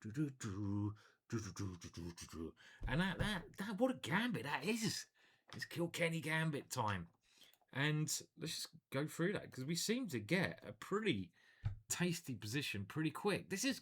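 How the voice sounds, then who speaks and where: A man commentating his own online chess games live, thinking aloud in a playful, animated way. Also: medium pitch.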